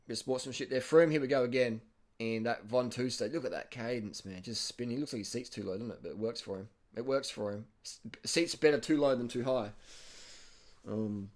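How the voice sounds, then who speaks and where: An Australian man casually commenting over race footage, blunt and excitable, swearing and repeating himself. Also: medium pitch. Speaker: cycling video host.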